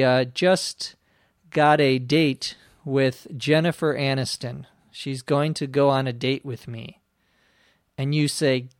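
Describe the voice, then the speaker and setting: A man teaching English, answering listener questions slowly and carefully, with frequent pauses and spelling out words. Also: medium pitch, no room sound, clean studio sound. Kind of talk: slow explanatory podcast lesson.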